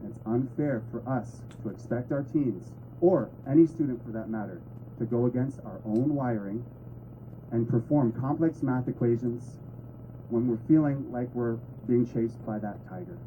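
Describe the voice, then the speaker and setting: A man's voice: medium pitch, normal speed, muffled recording, a little hiss or hum. A man giving a talk to an audience in a conversational way with playful asides. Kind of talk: presentation to an audience.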